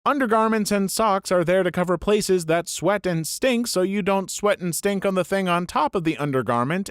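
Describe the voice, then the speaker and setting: A man reads short internet stories aloud in an animated, upbeat storytelling manner. His voice sits a little high and swings widely in pitch. The sound is dry and close, with no room around it. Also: dry recording. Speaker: narrator. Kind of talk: scripted narration of internet stories.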